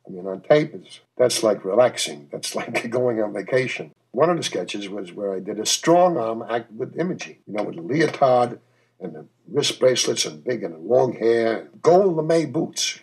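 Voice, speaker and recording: Brief: older male interviewee, husky, lively storyteller. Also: mid-range voice, rough recording. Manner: animated storyteller, acts out scenes. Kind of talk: reminiscing interview.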